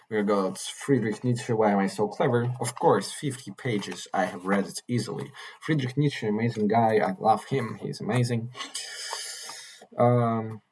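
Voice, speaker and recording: A man vlogging in a casual monologue, earnest and halting, often repeating and restarting his phrases. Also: medium pitch, breathy edge, rough recording. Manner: earnest, mildly swearing.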